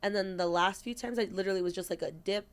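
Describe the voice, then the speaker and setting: A young woman co-hosting a podcast, telling an animated story in casual chat, acting out quoted lines and swearing freely. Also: mid-range voice, fast talker, clean tone. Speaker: podcast co-host.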